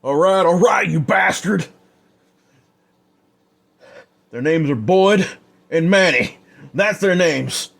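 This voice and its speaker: A loud, swaggering drunk outlaw , as a man puts him on in a spoken Western tale. His voice is rough and pushed a bit higher. He talks brash and mean. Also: measured pace, heavily acted. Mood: in agony.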